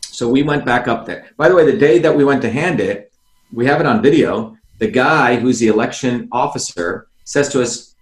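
A man's voice: medium pitch, moderate pace. Insistent man on a roomy video call. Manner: insistent, keeps addressing the host by name, asks rhetorical questions. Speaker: interview guest, former candidate. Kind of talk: animated explanation on a video call.

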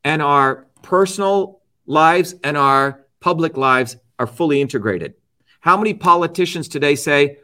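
This middle-aged guest argues his point in an interview, lecturing emphatically with a fairly high, pushed, bright voice at a somewhat slow pace. He repeats his main phrases and checks in with "okay?" and "right?".

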